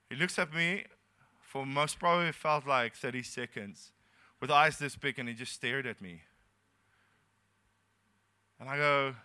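Male South African pastor, bright, higher-pitched, animated storyteller in a church sermon. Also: normal speed, long pauses, clean tone. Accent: South African English. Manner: animated storytelling, laughing often, acting out dialogue.

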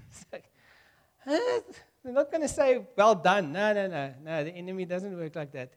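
A man preaching a sermon, acting out lively back-and-forth dialogue with God and laughing often. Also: high voice, normal speed. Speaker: pastor.

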